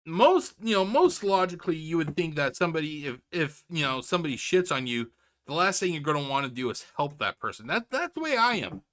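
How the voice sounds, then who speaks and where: Man, reaction commentator, blunt, profane, bright fairly high tone. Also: very animated, fairly quick. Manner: exasperated, profane, opinionated rant.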